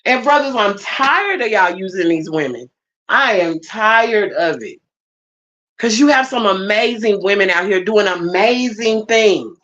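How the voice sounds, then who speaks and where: A woman's voice: medium pitch, expressive, unhurried, a bit bright. Emphatic woman preaching, lo-fi. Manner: emphatic, repeats phrases, talks directly to the congregation. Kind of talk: sermon.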